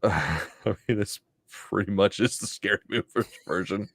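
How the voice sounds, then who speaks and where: Low, dry-voiced swearing podcast man. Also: a little slow, fairly bright tone, no echo. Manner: laid-back, swears a lot, laughs often. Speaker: podcast co-host. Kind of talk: casual chat.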